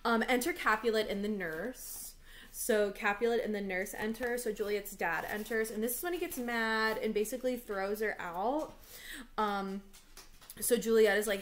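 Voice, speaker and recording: A woman's voice: mid-range voice, normal speed. Chatty woman teacher saying "like". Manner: chatty, fills speech with "like". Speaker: English teacher. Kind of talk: casual online lesson.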